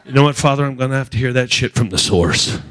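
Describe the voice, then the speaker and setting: A male stand-up comedian from New Jersey, doing a profane, rapid-fire routine that acts out characters. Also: medium pitch, lively intonation, noisy background.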